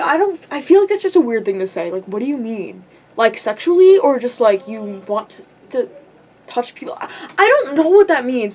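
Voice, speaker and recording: A woman's voice: a little high, a little mellow. Rambling young woman, storytime vlog. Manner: rambling, giggly, lots of likes and ums. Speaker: vlogger.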